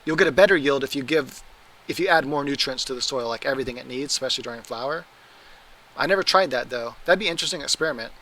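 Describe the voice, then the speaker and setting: A man chats loosely through viewer questions on a livestream, restarting sentences and tripping over his own words. His voice is bright and forward, sitting at an ordinary pitch. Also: fast, rough recording. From Oregon, US. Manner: rambling, self-correcting, laughs at his own mistakes. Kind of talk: casual livestream chat.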